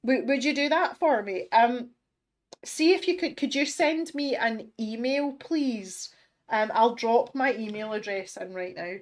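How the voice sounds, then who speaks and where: In a mid-range voice, a middle-aged Scottish woman hosts an art livestream from home, going through viewer comments in a relaxed way. She's self-deprecating, laughs a lot and often begins her sentences over.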